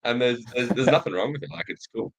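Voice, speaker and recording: A man's voice: medium pitch, fast, gravelly, poor audio. A young Australian man cohosting a betting show, talking in an easygoing, hesitant way with lots of fillers. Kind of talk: casual betting chat.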